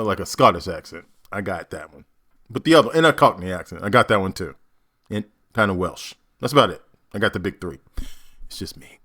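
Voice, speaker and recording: A man's voice: deep voice, bright, forceful tone, breathy edge. An American man hosting a reaction video, talking casually, joking and asking his viewers questions.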